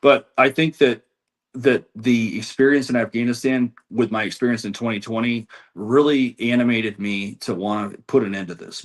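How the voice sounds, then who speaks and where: Low-voiced man citing election statistics. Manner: rattles off statistics, frequent restarts. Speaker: guest, election data analyst. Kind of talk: interview answers.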